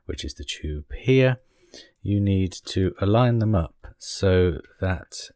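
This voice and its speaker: Low-voiced man explaining a model build. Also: a little mellow, no echo, studio quality. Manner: chatty, apologetic asides while working. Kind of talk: casual step-by-step build tutorial.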